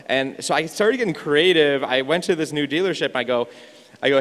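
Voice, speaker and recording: A man telling a personal story on stage at an event, animated and laughing as he goes, sometimes swearing. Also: a little high, brisk. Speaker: event speaker. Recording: echoey event hall.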